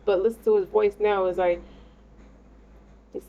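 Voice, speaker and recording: A woman's voice: mid-range voice, little pitch movement, quick pace. A woman giving a casual tarot reading, rambling, slangy and profane, talking straight to the listener. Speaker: tarot reader. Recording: dull lo-fi sound with faint noise.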